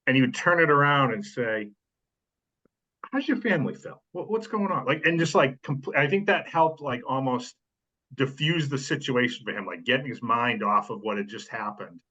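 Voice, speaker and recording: A man's voice: mid-range voice, moderate pace, pushed and bright. A man, a sports writer, reminisces at length in casual podcast chat, full of fillers and asides. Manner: rambling storytelling with many fillers. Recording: dull lo-fi sound.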